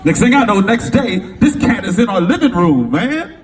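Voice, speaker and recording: A middle-aged man from California, a motivational speaker telling a personal story to a live audience in an animated, slangy way, acting out the voices of the people in it. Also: sits high, moderate pace. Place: event venue before an audience. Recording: distant mic with faint room noise.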